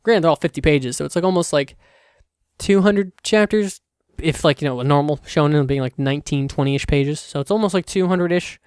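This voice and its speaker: A young man chatting alone into his podcast mic, rambling and loose, full of fillers and restarts, with a casual curse here and there. His voice sits a little high and comes across smooth and clean. The sound is dry and close, with no room echo. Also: fairly quick, darkish tone. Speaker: podcast host. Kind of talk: casual solo podcast chat.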